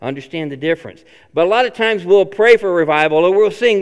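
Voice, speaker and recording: A man preaching a sermon as pastor, earnest and repetitive, swinging between loud appeals and hushed lines. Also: a little high, animated, fairly quick, smooth, in a large hall.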